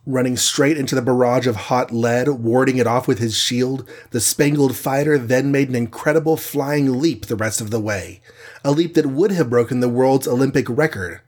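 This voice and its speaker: A man's voice: mid-range voice, moderate pace, a little mellow. A man narrating a superhero adventure aloud in a dramatic storytelling manner. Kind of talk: audiobook narration.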